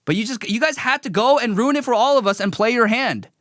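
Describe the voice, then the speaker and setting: A man hosting a live commentary show, talking in an animated, sarcastic way. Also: extremely high pitch, fast talker, no room sound, studio quality. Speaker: show host.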